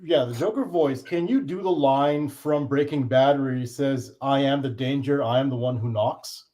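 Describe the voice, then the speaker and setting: A man co-hosting a casual chat, talking excitably and speeding up when he asks for things. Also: medium pitch, moderate pace. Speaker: co-host.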